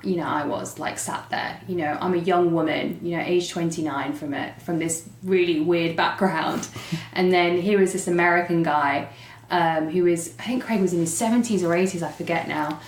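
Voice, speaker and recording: English woman, young, storytelling guest, lowish voice, roomy echo. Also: moderate pace. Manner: animated storytelling with fillers and laughs. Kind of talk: personal recovery story.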